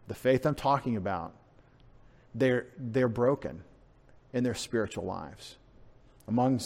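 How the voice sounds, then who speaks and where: A male pastor delivers an expository sermon, talking through the text in an easy, conversational way. He lifts his voice sharply for emphasis now and then. The sound carries a long church reverb at a mid pitch. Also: a little mellow. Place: church sanctuary.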